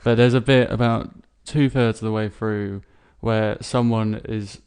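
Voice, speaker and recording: A man's voice: on the low side, a little slow, clean tone. A young man co-hosting a podcast, reviewing a film in casual chat, blunt and swearing freely as he rants. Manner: blunt, swears freely, animated when ranting. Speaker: podcast co-host.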